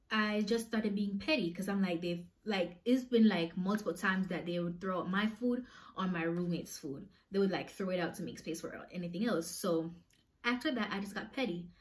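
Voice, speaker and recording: A young woman casually telling a storytime, talking animatedly and swinging her pitch as she acts out what people said. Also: normal speed. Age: young adult.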